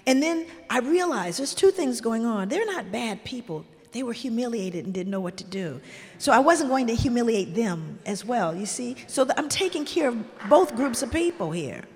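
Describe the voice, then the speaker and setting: With a fairly high, sing-song voice at normal speed and a darkish tone, a grandmother tells heartfelt stories as a guest in conversation. She is earnest and reflective, sprinkling in "you know" asides, and the recording has long hall reverb.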